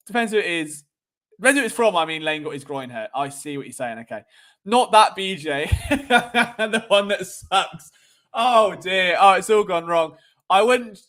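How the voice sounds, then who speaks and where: A young man with a British accent rambles through a casual sports live stream, teasing and joking as he goes. His speaking voice sits high for a man. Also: a bit bright. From Britain. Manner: cheeky, rambling, jokey. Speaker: sports show host.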